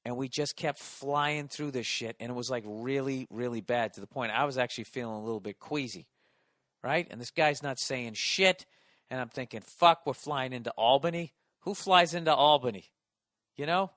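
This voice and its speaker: A man with a Boston accent tells a stand-up story in a profane, exasperated rant. His voice sits at a middle pitch and jumps into loud bursts. The sound is dry and close, with no room echo. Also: normal speed. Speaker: stand-up comedian.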